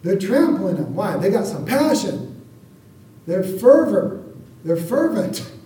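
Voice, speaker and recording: Male pastor, high and mellow voice, preaching casually, recorded far off the mic in a roomy hall. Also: very animated, slow pace. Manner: conversational, keeps asking the congregation for an amen. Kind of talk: sermon. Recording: echoey room, voice from far off the mic.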